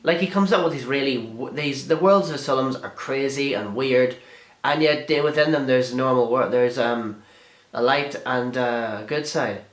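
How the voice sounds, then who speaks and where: A man's voice: mid-range voice, normal speed, roomy sound. A young man, chatting and swearing freely as he answers viewer questions in a casual vlog. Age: young adult. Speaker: video blogger.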